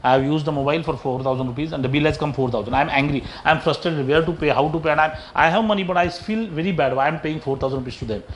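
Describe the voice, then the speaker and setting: A man's voice: a little high, racing, few pauses, a little hiss or hum, poor audio. A man with an Indian English accent giving a public talk, telling stories and often restarting his phrases. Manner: storytelling, repeats and restarts phrases. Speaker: speaker at a health talk. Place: lecture room.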